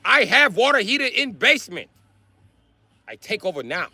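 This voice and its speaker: A man voicing a stingy old male landlord who scolds in high, shrill broken English. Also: very animated, normal speed, pushed and bright, husky, dry recording, soft background music, exaggerated voice. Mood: scolding.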